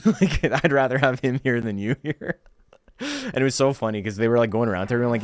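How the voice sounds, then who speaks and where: A man's voice: medium pitch, big pitch swings, fast, faint music behind. A young man streaming a game, ranting sarcastically in casual chat, swearing and laughing often.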